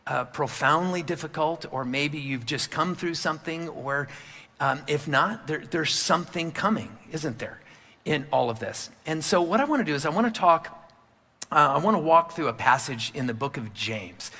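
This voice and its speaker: Preaching at a normal pace, the animated pastor uses a bright, forceful voice pitched a bit high. His candid, conversational sermon is full of fillers, and each phrase fades into the church sanctuary's long reverb.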